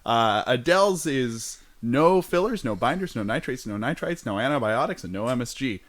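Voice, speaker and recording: Guy on a podcast, bright voice, bouncy pitch, rambly and laughing a lot. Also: lively intonation, normal speed. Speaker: podcast co-host. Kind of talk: casual chat.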